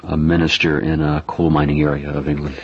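A male interviewer poses calm, curious questions to his guest. His voice sits very low and is a little husky. The recording sounds dull and lo-fi. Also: brisk.

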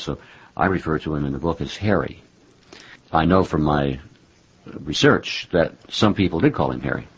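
A man with a very deep, husky voice interviews a guest, hesitating often with fillers. He speaks in a relaxed, slightly wry way. The recording sounds dull and lo-fi. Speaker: interviewer and author. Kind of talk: conversational interview.

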